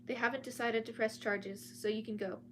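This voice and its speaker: A friendly female lawyer in a storybook reading, voiced plainly by a woman. She speaks calmly and matter-of-factly. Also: a little high, fairly quick, a little hiss or hum, natural voice.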